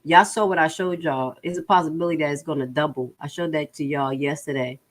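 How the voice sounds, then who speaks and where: In a deep, steady voice at a fairly quick pace, a woman hosting a casual livestream reviews budget figures bluntly and with exasperation. She reads the chat aloud as well.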